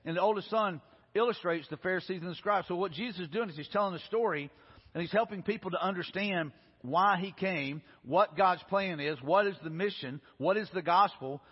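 Husky-voiced preacher man. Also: sits high, brisk. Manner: earnest preaching, frequent restarts and repeated words. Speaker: pastor. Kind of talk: sermon. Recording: dull recording in a reverberant hall.

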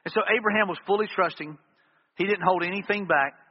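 High husky preacher man, echoing hall. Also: brisk. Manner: earnest preaching with repeated emphatic refrains. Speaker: pastor. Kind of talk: sermon. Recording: reverberant hall, dull lo-fi sound.

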